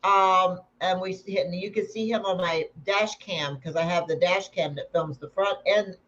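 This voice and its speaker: A woman's voice: on the low side, moderate pace. A woman who is a paranormal investigator, casually telling a story and acting out each person's lines. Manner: animated storyteller acting out dialogue. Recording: dull lo-fi sound with faint noise.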